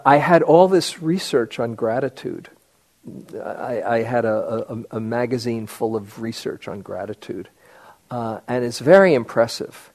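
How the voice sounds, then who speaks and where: An older man telling a personal story in a meditation talk, halting with many fillers and restarts. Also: medium pitch, a little mellow. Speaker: meditation teacher.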